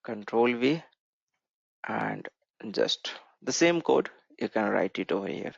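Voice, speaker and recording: A male programming instructor runs a screen-share coding tutorial, explaining the code on screen slowly and animatedly while frequently asking "right?" to check in. His voice is on the low side with some vocal fry. It's captured dry, without echo, on a dull lo-fi mic.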